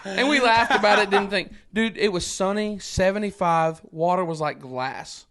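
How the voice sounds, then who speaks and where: A man with a notably high voice tells a story as a podcast guest. He talks casually and acts out the voices of the people in the story. He laughs between lines as he goes. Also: normal speed. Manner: animated, acts out quoted voices, frequent laughs.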